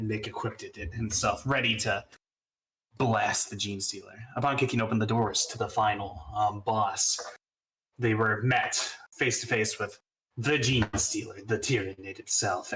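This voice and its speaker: A man's voice: medium pitch, bright, forceful tone, far from the mic, low-quality recording. A man recapping the last session of a tabletop campaign, rambling with many fillers and restarts. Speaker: game master.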